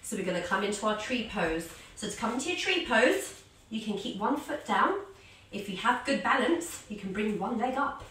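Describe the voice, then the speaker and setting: A woman leading a children's yoga class as a story, giving animated, sing-song encouragement. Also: on the high side, moderate pace, recorded from a distance, slight background noise. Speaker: kids yoga teacher. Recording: echoey room, voice off-mic.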